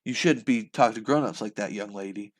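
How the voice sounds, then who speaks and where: A man reading a novel aloud and voicing a monstrous fanged vampire father who threatens a girl, switching from hushed to shouting. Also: lowish voice, brisk. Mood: menacing hush. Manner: menacing, shifting from hushed to shouting.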